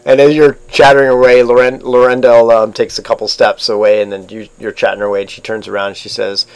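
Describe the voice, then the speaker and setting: A man narrating as game master for an online tabletop game, halting with many fillers and restarts. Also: mid-range voice, little pitch movement, clean tone. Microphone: online voice chat.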